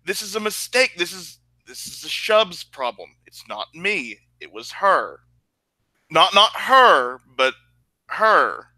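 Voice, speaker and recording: A man's voice: high voice, very animated, unhurried, bright, forceful tone, dry recording. A man playing in a tabletop game, stammering and flustered as he speaks in character. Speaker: player. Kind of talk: tabletop role-play.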